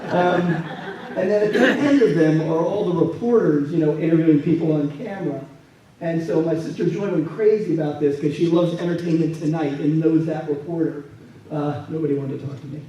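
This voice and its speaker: At a museum event, a military historian speaking as a guest tells anecdotes over slides, voicing the people he quotes. He sounds a little high, brisk, and mellow, and the recording is muffled with slight background noise, captured from afar in an echoey room.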